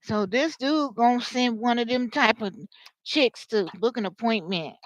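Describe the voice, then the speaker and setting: A woman giving a live tarot reading, talking to viewers in an animated, slangy way. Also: on the high side, measured pace, dry recording, poor audio. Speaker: tarot reader.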